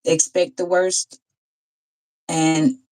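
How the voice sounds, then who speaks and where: A woman's voice: sits low, flat delivery, dark tone, poor audio. Woman reading tarot, telling an emotional story, chatty and heartfelt. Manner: heartfelt, conversational, pauses and restarts. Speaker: tarot reader.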